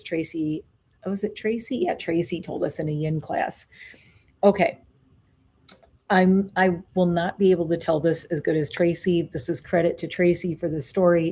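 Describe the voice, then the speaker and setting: Middle-aged female vlogger, lowish warm voice, rambling casual live-stream chat. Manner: rambling, self-correcting storytelling. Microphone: webcam or phone on a live stream.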